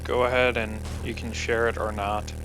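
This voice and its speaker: A man in casual gaming chat with a bright, forward voice. He lays out his next moves plainly and practically. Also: mid-range voice, flat delivery, normal speed, soft background music, rough recording. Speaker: friend playing along.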